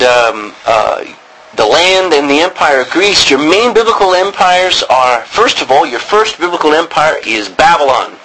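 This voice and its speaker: Bright-voiced man lecturing, full of ums. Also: a little high, a little hiss or hum, low-quality recording. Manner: rambling, many ums and restarts. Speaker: Bible Greek teacher. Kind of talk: classroom lecture. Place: classroom.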